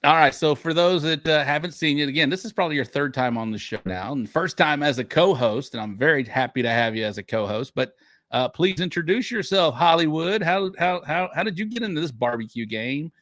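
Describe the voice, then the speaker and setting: A man's voice: fairly high pitch, animated, brisk, fairly bright tone, no echo, studio quality. A man hosting a casual live stream, laid back, laughing often and reading out viewer questions. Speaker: show host.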